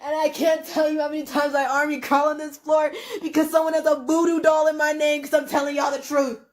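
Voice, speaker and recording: A woman's voice: high voice, flat delivery, brisk. A woman ranting to camera in an agitated, profane way, swinging between laughter and tears. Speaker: vlogger. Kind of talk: emotional rant to camera.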